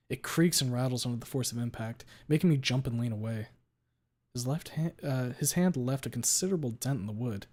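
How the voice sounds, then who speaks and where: A man's voice: medium pitch, a little mellow. A man streaming a first-person story read-aloud, who occasionally stops to reread a line he stumbled on.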